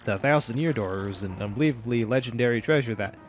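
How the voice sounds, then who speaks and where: A man's voice: mid-range voice, quick pace, soft background music, close to an everyday voice. A man voicing a nervous little winged mushroom soldier making a stiff, flustered report.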